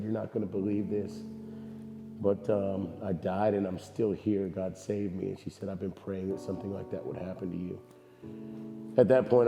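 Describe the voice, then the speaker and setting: Deep dark-voiced man giving testimony. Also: big-room sound. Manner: halting, earnest, many fillers. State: voice worn from screaming. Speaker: church member giving testimony. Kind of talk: personal testimony.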